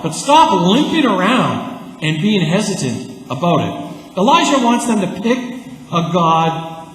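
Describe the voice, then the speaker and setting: A man from Canada preaching a sermon as pastor, conversational and animated, with lively asides. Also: sits high, a little slow. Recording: echoey church hall.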